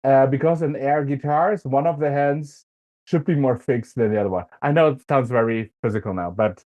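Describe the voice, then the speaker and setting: A man with a German accent, a guest in a casual interview, speaking thoughtfully with frequent pauses and fillers. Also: medium pitch, darkish tone.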